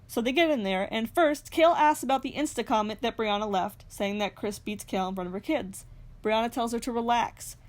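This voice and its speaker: A woman's voice: on the high side, a little fast. A young woman narrating a reality TV recap in a scripted way, with sarcastic, snarky asides. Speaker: recap host.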